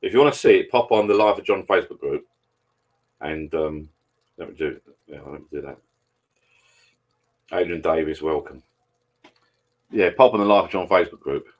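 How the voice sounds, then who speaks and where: A man's voice: sits low, moderate pace, long pauses. A man hosting a live stream, chatting casually and rambling over beers, swearing freely as he talks to viewers.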